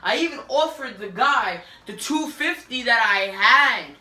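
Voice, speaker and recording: Her voice is a little high and animated, her pace measured, and she barely pauses as she vents at the camera held on a selfie stick. This vlogger's rant is profane and frustrated, climbing to shouting, and the room echoes.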